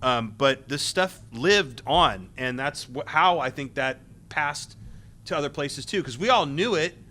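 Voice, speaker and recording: A man speaking on a convention panel, telling loose, rambling stories about his time as a game tester, with frequent restarts and quick laughs. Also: a little high, expressive, sharp tone.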